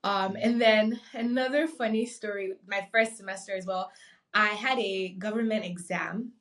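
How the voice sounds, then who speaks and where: Nigerian-born woman telling a lively story. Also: mid-range voice, normal speed, distant mic. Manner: animated, acts out quoted voices. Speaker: podcast guest. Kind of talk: casual storytelling.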